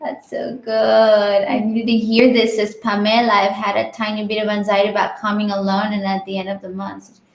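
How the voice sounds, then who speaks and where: A woman hosting an interview, reading out viewer comments and gently affirming her guest. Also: medium pitch, level tone, moderate pace, roomy sound, rough recording. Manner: gentle, affirming, soft backchannels. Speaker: host.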